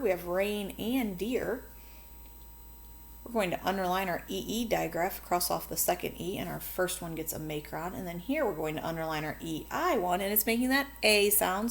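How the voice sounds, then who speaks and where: A woman with a lowish voice teaches a phonics lesson, walking through each word at the board. She talks patiently and chattily and catches her own slips. A faint hum sits under the recording. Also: vocal fry. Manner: patient, chatty, self-correcting.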